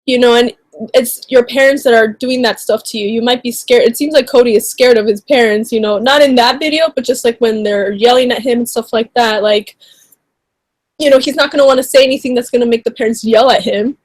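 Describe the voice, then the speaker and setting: A woman's voice: fairly high pitch, a little fast, no echo. A woman YouTuber giving casual commentary, indignant and rambling, with many fillers. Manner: indignant, rambling, heavy on "like" and "you know".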